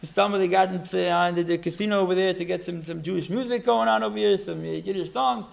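A man giving a religious talk, telling a story in a halting way, with many restarts and repeated words. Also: sits high, steady tone, gravelly. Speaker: religious teacher.

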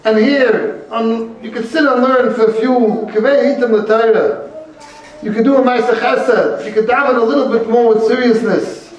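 A man's voice: extremely high pitch, moderate pace, highs cut off. A man teaching a Torah class, telling a story in a conversational way, peppered with Hebrew and Yiddish terms. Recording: very echoey room, mic far off.

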